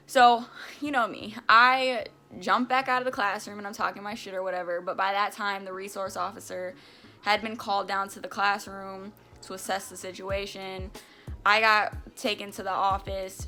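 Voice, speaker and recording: A young woman tells a personal story to her camera in an animated, emphatic way, dropping casual swear words as she goes. Her voice has a bright, sharp edge, and faint music plays underneath. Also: medium pitch. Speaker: vlogger. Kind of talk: storytime vlog.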